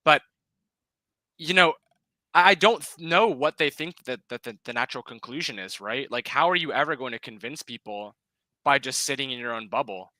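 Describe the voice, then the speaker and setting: Man, guest, earnest political chat, bright forceful tone, dry close sound. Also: mid-range voice, animated, normal speed, no room sound, rough recording.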